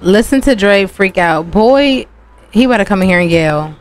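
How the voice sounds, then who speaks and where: A woman's voice: mid-range voice, expressive, fairly quick. A woman hosting a gaming channel, chatting casually through her gameplay, cursing freely and addressing her viewers directly. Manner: chatty, profane, talks to viewers as "y'all".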